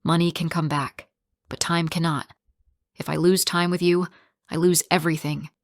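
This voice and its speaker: A woman's voice: on the low side, level tone, normal speed, no room sound, clean studio sound, natural voice. Woman reading as a tired remorseful husband. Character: tired remorseful husband and father, middle-aged man.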